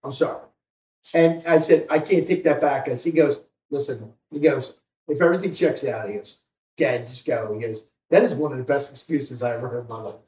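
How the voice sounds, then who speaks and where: A man co-hosting a podcast, telling stories in a rambling, animated way and acting out other people's lines. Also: mid-range voice, fairly quick. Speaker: podcast co-host. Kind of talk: casual storytelling chat. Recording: roomy, distant, muffled home recording.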